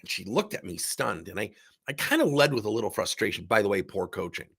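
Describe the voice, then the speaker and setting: A man's voice: on the low side, animated, brisk, creaky, fairly bright tone, breathy edge. A man coaching in a recorded workshop talk, sick with a strained voice, speaking in an emphatic, candid way while seated indoors. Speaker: business coach.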